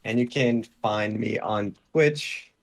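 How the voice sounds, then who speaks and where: A man guest on a gaming podcast, speaking English as an in a hesitant, halting way with many restarts. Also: lowish voice, creaky. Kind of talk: casual chat.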